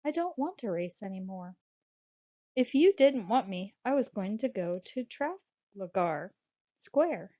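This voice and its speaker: Woman doing a soft-spoken male pigeon, earnest, quiet, storybook, dull lo-fi audio. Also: medium pitch, lively intonation, unhurried, lightly acted. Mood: earnest, tender.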